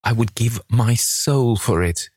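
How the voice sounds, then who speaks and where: Guy doing a pretty young man who's vain and anguished, voice pushed up high, pleading, husky underneath. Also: takes it slowly, a little mellow, no room sound, clean studio sound. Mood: wistful. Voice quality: emotional, pleading.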